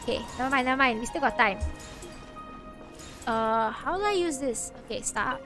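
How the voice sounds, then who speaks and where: A woman's voice: high-pitched, animated, normal speed. A woman streaming a game, talking to herself in casual chat and breaking into frustrated outbursts and yelps. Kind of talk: casual gaming livestream. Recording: music clearly behind voice. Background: game music.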